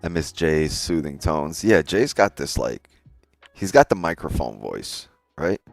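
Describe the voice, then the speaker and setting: A man's voice: extremely low pitch, big pitch swings, measured pace, vocal fry, no echo, faint music behind. A man hosting a casual trading live stream, talking straight to his chat in a loose, joking way and swearing often.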